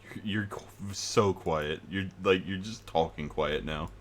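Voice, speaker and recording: A man's voice: low-pitched, a little slow, fairly bright tone, a little hiss or hum. A man streaming from home, trading wry, teasing banter with a friend. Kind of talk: casual banter.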